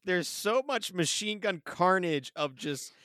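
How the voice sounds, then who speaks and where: A man's voice: high voice, animated, unhurried, bright, forceful tone, no room sound, studio quality. A man co-hosting a casual movie podcast, talking enthusiastically and laughing often. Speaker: podcast co-host.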